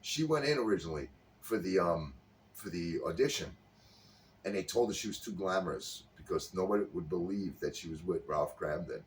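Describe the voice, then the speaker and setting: A low-voiced man, a podcast co-host, retells a sitcom scene with gusto at a brisk pace, acting out the characters' lines in casual chat. The mic sits slightly distant, with faint background noise.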